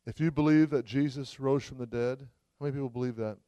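A man's voice: mid-range voice, quick pace, mellow, clear, resonant tone, dry recording. A man preaching a sermon at a church service, fervent, with frequent cries of hallelujah. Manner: fervent, exclaims hallelujah often. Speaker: traveling preacher.

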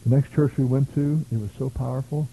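A man's voice: medium pitch, fairly even intonation, a little fast, creaky, husky. A man from the United States preaching a revival sermon, telling stories with bursts of praise. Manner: emphatic, storytelling, shouts of praise. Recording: tinny lo-fi phone-like audio.

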